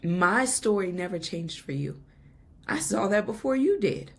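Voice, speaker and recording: A woman's voice: mid-range voice, lively intonation, unhurried, creaky, slightly rough. A woman podcast host giving an earnest, emotional personal faith testimony, laughing now and then between lines.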